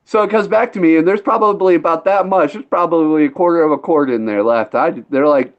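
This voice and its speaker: A man's voice: a little high, fairly quick. Casual male podcast host, loose storyteller, dull recording. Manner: rambling, laid-back storyteller, swears freely.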